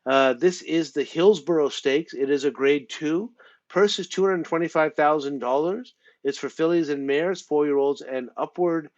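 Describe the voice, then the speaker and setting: A man's voice: on the high side, moderate pace, muffled recording. Rambling man hosting a racing show. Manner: rambling, repeats words and fills with um. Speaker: show host. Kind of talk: horse racing handicapping talk.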